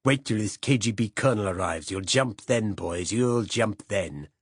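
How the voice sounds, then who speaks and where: A man voicing a gruff, bullying secret policeman in his thirties who growls and hectors, with a working-class Berlin accent. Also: very deep voice, fast, darkish tone, no room sound, clean studio sound, full character voice. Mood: hectoring.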